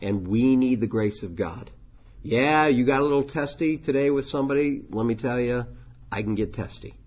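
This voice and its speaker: A man's voice: medium pitch, moderate pace, dull audio. A man who is a pastor, teaching a church leadership class in a conversational way, with frequent ums and restarts.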